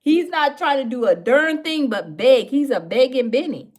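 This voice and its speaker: A woman's voice: high voice, expressive, normal speed, a little mellow. A woman commenting on a livestream, sassy and mocking, talking straight to her viewers.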